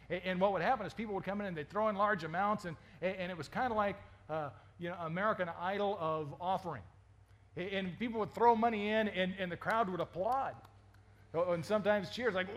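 A man's voice: high voice, a little fast, a bit bright. A man preaching a sermon as a pastor, talking conversationally with many stammered restarts and questions to the congregation. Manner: asks the congregation questions and jokes.

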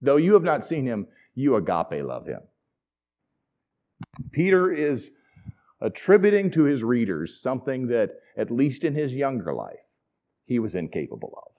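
A man's voice: mid-range voice, huge pitch swings, moderate pace, pauses often, dull audio. Chatty man preaching a sermon. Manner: conversational, enthusiastic teaching with asides. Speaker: pastor.

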